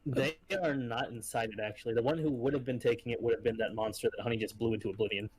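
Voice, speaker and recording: A man running a tabletop game as game master, easygoing and often pausing with fillers. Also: mid-range voice, steady tone, a little mellow, husky.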